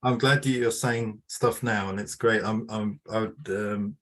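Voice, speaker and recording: A man's voice: lowish voice, fairly even intonation, measured pace. A man facilitating a workshop discussion on a video call, responding with encouraging affirmations. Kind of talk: casual discussion.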